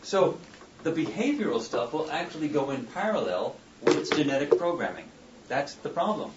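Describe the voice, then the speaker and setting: A man's voice: fairly high pitch, very animated, normal speed, echoey room, noisy background. A man lecturing a class in a conversational way, often asking rhetorical questions. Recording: dull distant classroom recording.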